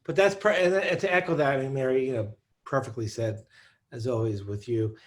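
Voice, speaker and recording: A man answering on a discussion panel about research, thoughtful and halting, with many restarts. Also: medium pitch, steady tone. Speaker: psychedelic researcher.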